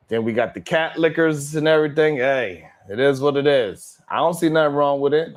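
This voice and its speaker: A male livestream host who rambles and laughs as he reads out chat names, talking in with plenty of swearing. His voice sits a little higher than most men's.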